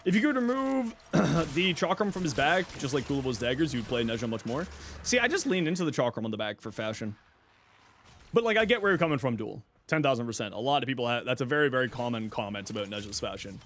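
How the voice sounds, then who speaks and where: A man's voice: mid-range voice, big pitch swings, fast talker, a bit bright, slight background noise. A man from Toronto, streaming and chatting casually with viewers in a laid-back, rambling way. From Toronto, Canada. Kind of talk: casual livestream chat answering viewers.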